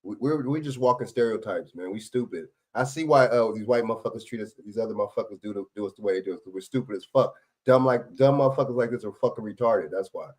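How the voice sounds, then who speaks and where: A man's voice: lowish voice, fast talker, hardly any pauses, a little mellow. A man hosting a livestream, arguing back at clips in blunt, profane casual commentary. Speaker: livestream host reacting to clips.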